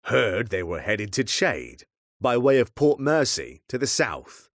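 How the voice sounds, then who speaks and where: A man voicing a grumpy, gruff old man who tends a fire, talking in a rough, colloquial way. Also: mid-range voice, big pitch swings, unhurried, fairly bright tone, no room sound, studio quality, pitched above the performer's own voice, full character voice.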